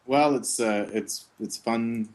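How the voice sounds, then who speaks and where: A middle-aged man, a voice actor, chatting casually in an interview, telling rambling stories with chuckles. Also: mid-range voice. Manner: slips into quick character voices mid-sentence; relaxed, rambling storytelling with chuckles. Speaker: voice actor guest.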